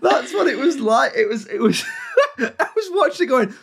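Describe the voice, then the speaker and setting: A man's voice: extremely high pitch, very animated, normal speed, creaky, a bit bright, slightly rough. Rambling, laughing man podcast host. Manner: rambling, laughing, full of restarts. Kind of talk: casual film chat.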